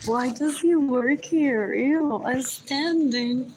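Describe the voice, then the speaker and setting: High-pitched woman muttering on a noisy stream. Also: slow, hardly any pauses. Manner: repetitive, muttering, drifts between English and Spanish. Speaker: livestreamer. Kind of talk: rambling live stream monologue.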